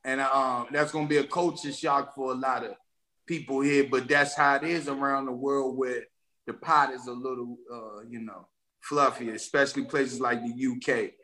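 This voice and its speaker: D.C.-male rapper guest, bright and forceful, animated storyteller. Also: medium pitch, normal speed. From Washington, D.C. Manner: animated, streetwise storytelling with slang. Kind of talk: casual podcast interview.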